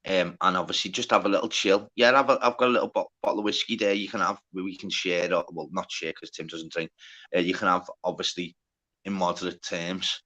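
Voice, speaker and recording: A man hosting a casual livestream chat, swearing a lot and talking in quick bursts full of filler words. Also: deep voice, steady tone, bright, forceful tone, dull audio. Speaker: livestream host.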